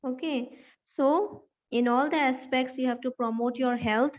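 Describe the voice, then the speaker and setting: A woman teacher lectures a class in a high voice, pausing to dictate notes and spell each word out letter by letter. The recording sounds dull and lo-fi, like it was taken in a classroom. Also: steady tone. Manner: asks the class questions. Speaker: health teacher.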